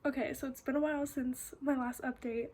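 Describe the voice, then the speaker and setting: A woman's voice: high-pitched, steady tone, fairly quick, loud music behind the voice. A young woman art student vlogging casually about her week, chatty and full of filler words. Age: young adult. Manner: chatty storytelling with many "like" fillers. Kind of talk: casual vlog chat.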